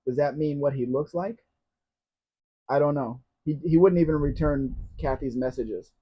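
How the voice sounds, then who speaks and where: A man's voice: on the high side, moderate pace, husky. Chatty man reading live chat. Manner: chatty, dry jokes. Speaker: host. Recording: dull lo-fi stream audio.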